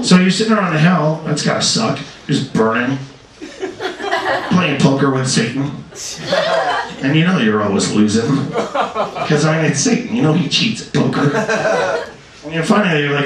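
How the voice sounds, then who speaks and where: A young man doing a crude stand-up comedy set in a comedy club, often jumping into shouted voices. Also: on the high side, lively intonation, moderate pace, pauses often. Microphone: handheld stage mic. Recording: echoey club from far off, crowd.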